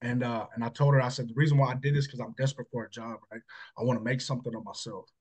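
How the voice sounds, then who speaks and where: A man's voice: mid-range voice, steady tone, racing, a little mellow, husky. A man as an interview guest, telling his faith testimony in an earnest, emotional, conversational way and often tagging phrases with a questioning "right?".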